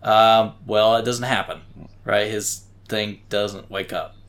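A man's voice: fairly low pitch, steady tone, takes it slowly, fairly bright tone. A man co-hosting a casual gaming chat, rambling through explanations and tagging his points with "right?". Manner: rambling, frequent "right?" tags.

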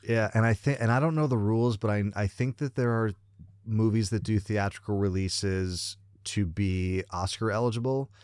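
A man with a low-pitched voice co-hosts a casual movie podcast. He wanders through his thoughts, padding every sentence with "you know" and "like," and his voice comes across dry and close to the mic. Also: moderate pace, darkish tone, smooth, dry recording. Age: parent of children. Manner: rambling, heavy on "you know" and "like" fillers. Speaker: podcast co-host.

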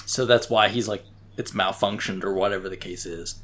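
A man's voice: deep voice, steady tone, fairly quick, a bit bright. A man co-hosting a casual gaming chat, rambling through explanations and tagging his points with "right?". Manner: rambling, frequent "right?" tags.

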